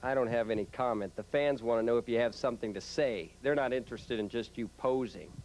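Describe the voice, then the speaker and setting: A man's voice: mid-range voice, fairly quick, a little mellow, slight background noise, rough recording. A man hosting a televised wrestling interview segment, polite and formal, a little flustered by interruptions. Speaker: wrestling show host and interviewer.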